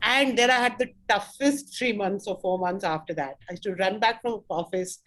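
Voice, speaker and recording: A middle-aged woman with an Indian English accent, a guest telling animated stories in an interview and acting out quotes. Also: medium pitch, moderate pace, low-quality recording. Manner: animated, acts out quotes, laughs often. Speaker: guest, actor and former banker. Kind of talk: interview storytelling.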